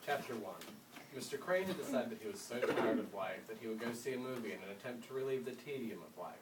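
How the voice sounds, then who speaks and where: A man's voice: mid-range voice, fast talker, background noise. Man reading a story aloud to classes. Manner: lively storytelling with dramatic swells. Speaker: reader to school classes. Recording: roomy room, mic far off.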